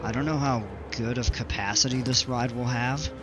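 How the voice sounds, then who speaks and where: A man giving casual commentary while playing a building game, thinking aloud with fillers, his voice a little hoarse. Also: mid-range voice, steady tone, moderate pace, music in the background. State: slightly hoarse, regaining voice. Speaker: gaming video creator.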